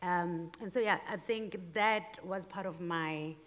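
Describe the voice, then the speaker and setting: A woman's voice: on the low side, a little slow, a bit bright. A woman from South Africa, a fashion designer, answering on a panel, nervous and hesitant with many fillers. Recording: long hall reverb.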